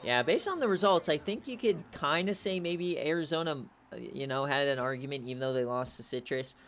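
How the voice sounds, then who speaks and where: A young man calls a video game football game like a play-by-play announcer, speaking to his viewers from a home streaming setup. His voice is bright and slightly high, and he gets excitable. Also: a little fast, a little hiss or hum. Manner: excitable, shouts on big plays. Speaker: play-by-play commentator. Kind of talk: video game sports commentary.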